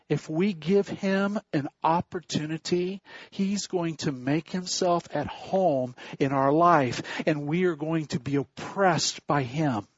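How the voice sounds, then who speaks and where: A male pastor preaching a sermon in a church, telling stories in a slow, deliberate way, with a husky voice. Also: mid-range voice, no room sound. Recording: dull dry recording.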